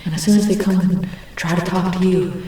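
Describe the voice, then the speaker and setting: A woman's voice: lowish voice, steady tone, brisk, mellow, distant mic, natural voice. A woman playing a laid-back groovy 1960s hippie man in an ASMR role-play, rambling and drawling. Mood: spacey. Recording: echoey room, off mic.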